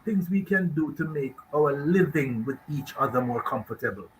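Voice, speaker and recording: A man's voice: on the high side, lively intonation, moderate pace, slight background noise, low-quality recording. A man with a Jamaican accent, a guest expert on a radio talk show, talking emphatically in rambling rhetorical questions.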